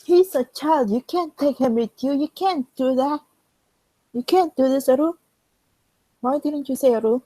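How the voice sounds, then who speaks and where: A woman voicing a shrill, weepy male anime nation-character in a dramatic fan reading, loud and pleading. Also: normal speed, no echo, natural voice, low-quality recording.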